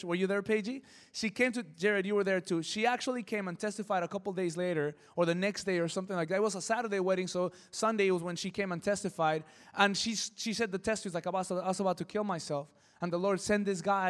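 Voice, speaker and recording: A pastor telling a personal story in a sermon, lively, acting out the voices in it. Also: male voice, high voice, big-room sound. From Southern California. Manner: animated, acts out voices in his stories. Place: church hall.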